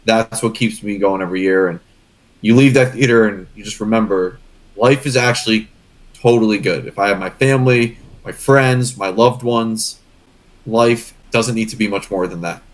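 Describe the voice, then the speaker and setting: Speaking at a moderate pace in a lowish voice, a young guest co-host rambles sincerely in a casual podcast conversation, getting emotional as he goes on.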